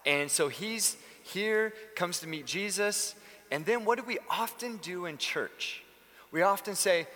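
Male preacher, lively pitch, acts out quotes, church hall echo. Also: measured pace. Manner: animated, acts out quoted lines. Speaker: pastor. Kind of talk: sermon. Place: church sanctuary. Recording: long reverb of a church hall.

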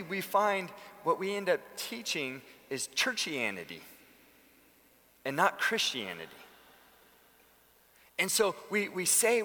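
Animated male pastor in a reverberant church. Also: sits high. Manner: animated, acts out quoted lines. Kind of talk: sermon. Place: church sanctuary. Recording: long reverb of a church hall.

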